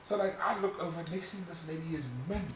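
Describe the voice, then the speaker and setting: A man tells stories at a rapid clip, jumping into quoted voices along the way. His voice sits slightly high for a man. He sounds a little far from the mic in an echoey room with noise behind him. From South Africa. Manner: animated storyteller, acts out quotes, swears. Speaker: podcast co-host. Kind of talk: casual chat.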